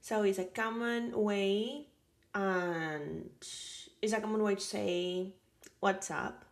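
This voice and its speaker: A woman from Colombia with a Colombian Caribbean Spanish accent teaches a relaxed language lesson. She talks at an unhurried pace with a gravelly edge to her voice. She is chatty and repeats her example phrases. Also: medium pitch.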